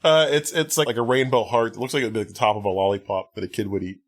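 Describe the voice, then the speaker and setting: A man's voice: mid-range voice, steady tone, quick pace. Male podcast co-host, mid-range voice, loose and sardonic, swears freely while recapping a film. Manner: wry, profane, rambling recap with many fillers. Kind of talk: casual movie recap chat.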